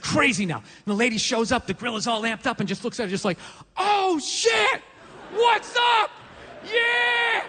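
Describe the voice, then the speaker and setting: A middle-aged man doing stand-up comedy, ranting and profane, slipping into shouted character voices. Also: high voice. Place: comedy club stage before a live audience. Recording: roomy hall with faint ambience.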